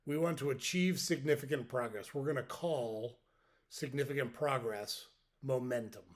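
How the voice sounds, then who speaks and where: A middle-aged man hosts a podcast, speaking at medium pitch and a moderate pace. He gives a folksy, reflective motivational talk, laying out his points step by step and using jokes as examples.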